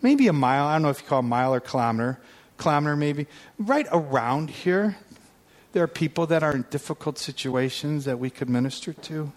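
Male preacher, high voice, animated storyteller. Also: fairly quick. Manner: animated storyteller, acts out quoted prayers and calls. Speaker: guest preacher. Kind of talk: sermon storytelling.

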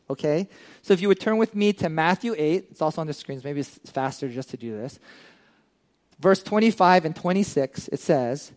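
A man with a notably high voice gives a sermon as a preacher. He talks to his congregation in an easy, chatty way and keeps tossing in quick "right?" asides. He retells stories with lively animation. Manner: conversational, with frequent "right?" asides.

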